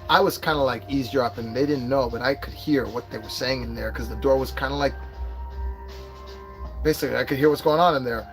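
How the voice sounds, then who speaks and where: A man in his forties, hosting a casual livestream and telling a rambling, profane story. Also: medium pitch. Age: 40s. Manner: profane, rambling storytelling with put-on quoted voices. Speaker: livestream host.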